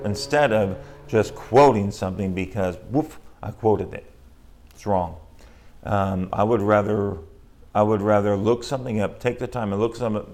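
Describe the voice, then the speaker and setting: Man, preacher, conversational sermon, fairly low voice, acts out quoted voices. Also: a little mellow.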